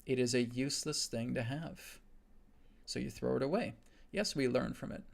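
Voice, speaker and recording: Gravelly man teaching on a live stream. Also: mid-range voice, moderate pace. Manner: earnest, repetitive, with emphatic "right?" asides. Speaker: host and spiritual teacher.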